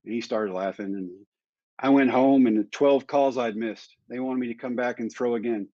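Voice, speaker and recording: A man in his fifties, a guest in an interview, telling his story in a lively way and acting out the dialogue. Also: mid-range voice, moderate pace, no echo. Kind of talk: candid storytelling in conversation. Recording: dry, slightly dull sound.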